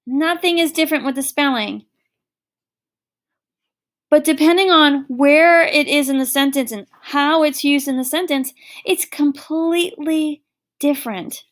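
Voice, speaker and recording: A woman's voice: high-pitched, measured pace. A middle-aged woman teacher giving a recorded online lesson, explaining patiently with everyday examples.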